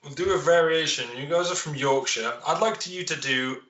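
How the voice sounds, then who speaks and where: An upbeat man hosts a casual interview and is quick to laugh. His voice is bright and forceful at a middle pitch. The audio sounds roomy and dull. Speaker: podcast host.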